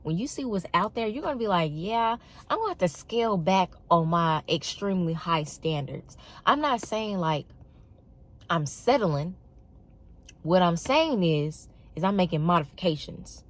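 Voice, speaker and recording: A woman's voice: lowish voice, expressive, normal speed. A young woman, talking casually and emphatically to the camera, with an exasperated storytelling manner. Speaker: vlogger.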